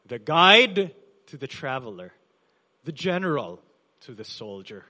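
Preaching in a church hall, a male pastor with a fairly high voice delivers his sermon emphatically, swelling loud on key phrases and then dropping soft.

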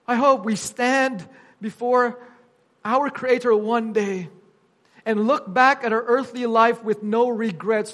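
A man's voice: very high-pitched, fairly even intonation, slow pace, a bit bright. A man preaching a sermon, earnest and pleading, pressing his points with emphasis. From Philippines.

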